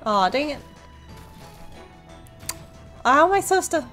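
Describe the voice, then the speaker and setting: A woman's voice: high-pitched, very animated, a little slow, a bit bright, faint music behind. A woman giving casual gameplay commentary in a giggly, playful way, laughing often. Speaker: let's play host.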